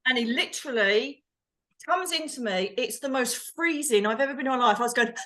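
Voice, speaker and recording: Woman co-host, lively storyteller, slightly high voice, acts out what people said. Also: brisk. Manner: animated, acts out quotes, exclaims. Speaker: co-host, medium. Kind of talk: storytelling chat.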